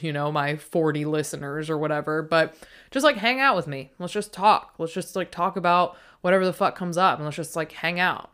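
A woman's voice: deep voice, a bit bright, smooth. A woman hosting a podcast, introducing her guest in a chatty, playful, self-deprecating way. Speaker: podcast host. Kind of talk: casual podcast intro monologue.

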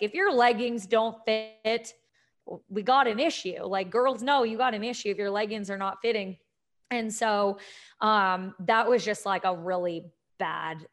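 A woman's voice: medium pitch, fairly quick. A young adult woman, a health and fitness coach, telling a personal story candidly with many fillers and restarts. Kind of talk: personal story, casual talk.

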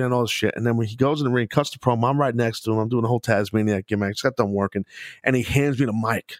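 A middle-aged man hosting a podcast, telling wrestling stories in a loose, profane, animated way, laughing often. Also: mid-range voice, fast, dry recording, studio quality. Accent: New York. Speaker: podcast host, former wrestler. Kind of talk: casual storytelling chat.

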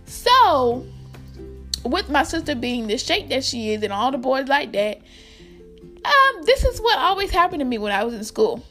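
A woman's voice: sits high, big pitch swings, normal speed, bright, forceful tone, soft background music. A young woman chatting to her viewers in a casual storytime vlog, talking to them directly and laughing often. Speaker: vlogger.

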